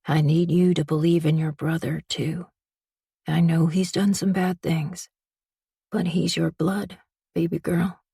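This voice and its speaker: Woman reading a tender firm father, breathy, slow, dark tone, distant mic. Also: on the low side, flat delivery, no echo, studio quality, full character voice.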